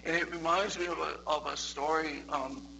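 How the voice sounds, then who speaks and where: A man giving a sermon, telling a story in a chatty way, often repeating himself and growing louder as he preaches. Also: steady tone, moderate pace, gravelly, soft background music, poor audio. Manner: conversational, repeats words, builds in loudness and pitch toward the end.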